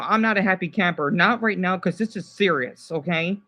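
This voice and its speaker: A man's voice: high-pitched, moderate pace, hardly any pauses, sharp tone. A man livestreaming in casual chat, agitated and swearing as he talks to his viewers.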